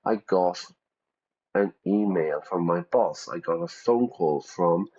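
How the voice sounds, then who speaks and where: A man's voice: sits low, slow, darkish tone, lo-fi sound. A man teaching English casually while playing a game, chatty and often checking in with "yeah?".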